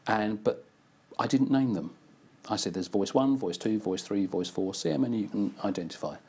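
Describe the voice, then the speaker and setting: A man's voice: on the low side, moderate pace, darkish tone, husky. An older man who works as an advertising writer and producer, chatting casually and acting out quoted exchanges in his stories. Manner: anecdotal, acts out quoted exchanges. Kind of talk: casual conversation.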